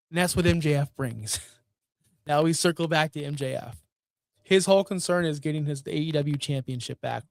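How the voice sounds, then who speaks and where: A man's voice: a little high, no echo, studio quality. A man hosting a wrestling show, ranting in a blunt, profane, exasperated way. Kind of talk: casual rant commentary.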